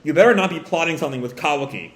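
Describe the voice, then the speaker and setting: A man's voice: on the high side, animated, rapid-fire, a bit bright. A man voicing a stern adult village leader and father, giving firm commands. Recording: roomy echo.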